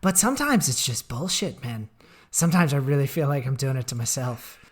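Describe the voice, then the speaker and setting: A man's voice: mid-range voice, expressive, fairly quick. A man co-hosting a casual podcast from a makeshift recording setup, talking candidly and with self-deprecation, swearing now and then. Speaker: podcast co-host. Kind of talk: casual chat. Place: makeshift setup in a small town.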